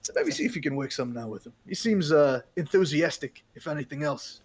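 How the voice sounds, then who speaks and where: A man voicing a wary masked fixer in a tabletop game, loose and halting, with fillers and the odd swear. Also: a little high, sing-song, a little hiss or hum. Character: wary male fixer in a mask, a bit rough.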